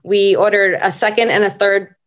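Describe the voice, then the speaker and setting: A middle-aged woman, a podcast guest, telling stories at an unhurried, reflective pace in a casual interview. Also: medium pitch, fairly even intonation, a bit bright.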